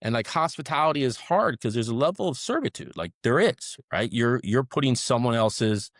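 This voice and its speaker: Animated man telling stories, tagging "right?". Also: mid-range voice, moderate pace, no room sound, clean studio sound. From South Florida. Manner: animated storyteller, tags many sentences with "right?". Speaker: restaurant management co-founder, guest. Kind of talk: conversational interview.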